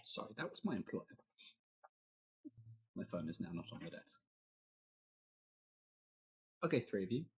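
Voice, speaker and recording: A young man with a husky voice, hosting a tabletop game podcast over a video call and joking in an exasperated way with his players. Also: sits low, very animated, unhurried, long pauses, a little mellow. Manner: exasperated, joking, swears a lot. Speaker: game master and podcast host.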